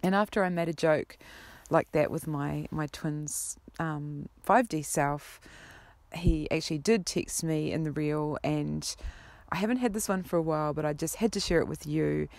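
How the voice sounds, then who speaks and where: A woman spiritual teacher talks to her viewers in an earnest, gentle, rambling monologue. Her voice sits low. The sound is dry, with no room echo. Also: moderate pace, vocal fry. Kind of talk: casual spiritual vlog monologue.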